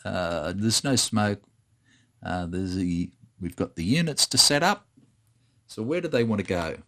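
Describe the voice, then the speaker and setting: Slow, musing man talking through a wargame. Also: deep voice, animated, a bit bright. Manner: muttering, thinking aloud while counting cards. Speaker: board game player. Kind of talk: solo tabletop wargame playthrough commentary.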